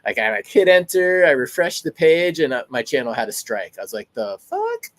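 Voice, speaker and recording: A man's voice: on the high side, sing-song, brisk, gravelly, dry recording. A man hosting a show, casually chatting and telling rambling stories in a laid-back way. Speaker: host. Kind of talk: casual chat.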